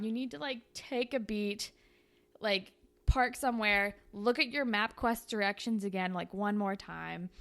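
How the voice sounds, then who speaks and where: A woman hosting a casual podcast, chatty and rambling, with "like" sprinkled all through her sentences. Her voice sits fairly high and moves easily through a story. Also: a bit bright. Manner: chatty, frequent "like" fillers, storytelling. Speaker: podcast host.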